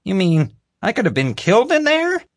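A man's voice: on the low side, very animated, normal speed, husky. A male narrator voicing a clueless, blustery female security officer in an audiobook. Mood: panicked.

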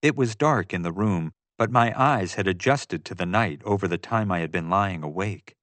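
Low-voiced man narrating an audiobook. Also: moderate pace, a bit bright, dry recording. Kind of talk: scripted first-person narration.

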